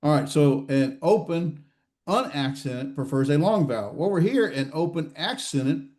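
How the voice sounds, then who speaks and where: A man lectures a grammar class in a warm, mellow voice. He stops often with "uh" and restarts his phrases. He keeps throwing questions at his students. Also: fairly high pitch, animated. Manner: halting, many fillers and restarts, quizzing students. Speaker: Hebrew grammar instructor. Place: classroom or online class session.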